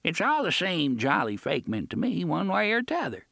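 Cackling dying old pirate. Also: male voice, high-pitched, huge pitch swings, normal speed, vocal fry, pushed and bright, dry recording, studio quality, pitched above the performer's own voice, exaggerated voice. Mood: menacing chummy. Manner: thick slangy speech, chummy yet threatening.

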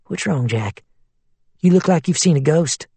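A man's voice: a little high, lively intonation, moderate pace, gravelly, warm tone, breathy edge, no room sound, full character voice. A man voicing a worried but skeptical woman in an audiobook, in a level, questioning tone.

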